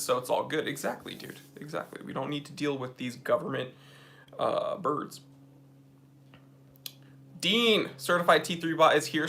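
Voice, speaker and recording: A young New England man hosts a casual livestream from his office, reading viewer comments aloud in an upbeat way. His voice is a little high, bright, and forceful.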